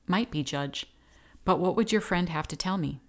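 A woman voicing a polite, sweetly persuasive young woman, in her own low voice. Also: normal speed, lightly acted. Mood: sweet coaxing. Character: calm sweet-talking young blonde woman.

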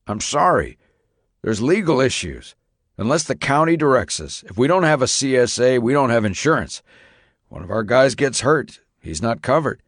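A man narrating as a soft-spoken older city fire chief who sounds apologetic. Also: medium pitch, very animated, moderate pace, no room sound, clean studio sound, pitched above the performer's own voice. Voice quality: soft-voiced.

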